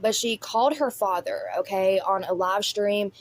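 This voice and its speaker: Woman commentator, mid-pitched, blunt and sarcastic, faint ambient noise. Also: moderate pace. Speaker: commentary host. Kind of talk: critical commentary.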